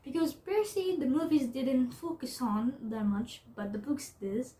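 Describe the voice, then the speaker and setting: Give me a young woman YouTuber chatting casually, a bit high-pitched, full of fillers and false starts. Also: dark tone. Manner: halting, many "like" fillers and restarts. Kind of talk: casual vlog commentary.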